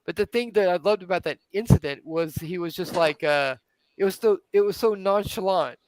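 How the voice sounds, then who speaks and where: A man in casual chat, telling stories with animated, acted-out quotes. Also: moderate pace, no echo, rough recording. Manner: animated storyteller, jumps high acting out quotes.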